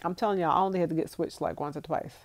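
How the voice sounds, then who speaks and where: A woman's voice: fairly low pitch, fairly even intonation, very fast. A woman in her thirties from the United States, chatting casually on a phone livestream, laughing often and answering viewer comments. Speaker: vlogger reading live chat.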